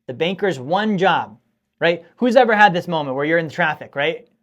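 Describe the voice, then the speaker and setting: A man's voice: a little high, expressive, moderate pace, fairly bright tone. Emphatic man lecturing on money. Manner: emphatic, scolding, repeats points for stress. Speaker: finance show host. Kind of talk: direct-to-camera teaching monologue.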